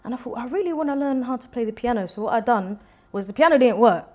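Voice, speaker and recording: A woman's voice: fairly high pitch, quick pace. Chatty young woman telling stories. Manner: chatty, animated storytelling with quoted voices. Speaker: guest singer-songwriter. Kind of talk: casual interview chat.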